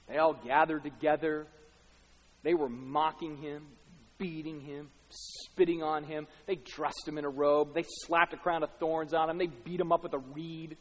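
High-voiced preacher booming in a reverberant hall. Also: male voice. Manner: dramatic swings from hushed to shouting. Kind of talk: sermon.

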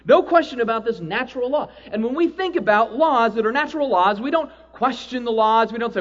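Male preacher, high voice, animated sermon, acts out voices, dull lo-fi recording. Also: a little fast, few pauses. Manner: animated, acts out quoted voices, asks "right?" often. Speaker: pastor.

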